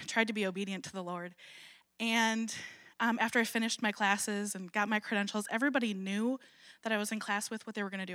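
A woman's voice: mid-range voice, fairly bright tone, no echo, clean studio sound. A middle-aged woman from Wisconsin, a ministry founder telling her personal testimony at a church gathering, chatty and self-deprecating with frequent little laughs. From Wisconsin, USA. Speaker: ministry founder, guest speaker.

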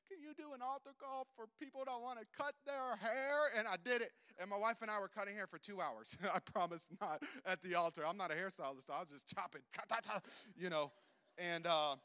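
High, bright-voiced man preaching with fervor. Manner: animated storytelling, swings between loud bursts and soft asides; acts out dialogue in quoted voices. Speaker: missionary preacher. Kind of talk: sermon testimony.

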